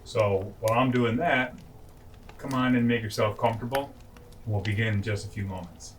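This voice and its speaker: A man reading classic children's stories aloud at bedtime, gentle and homely, with chatty asides. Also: fairly low pitch, fairly even intonation, moderate pace, a little hiss or hum, rough recording. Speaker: storyteller. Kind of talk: bedtime story read-aloud.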